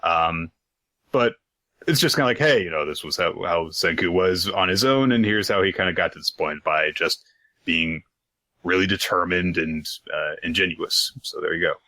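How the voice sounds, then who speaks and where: A man co-hosting a manga recap podcast, casually walking through the plot and dropping into quick acted-out quotes. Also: low-pitched, bright, forceful tone, no room sound. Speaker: podcast co-host. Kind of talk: casual chat.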